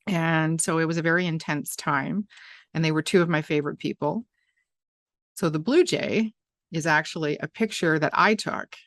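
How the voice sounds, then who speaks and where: A woman's voice: deep voice, fairly bright tone, no echo. A woman hosting a talk show, chatting casually and rambling with many restarts and fillers. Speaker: podcast host. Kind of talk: casual chat.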